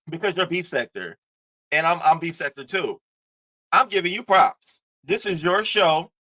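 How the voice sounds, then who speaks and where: A man doing casual commentary to his live chat, animated, profane and mocking. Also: sits high, poor audio. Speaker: commentary streamer.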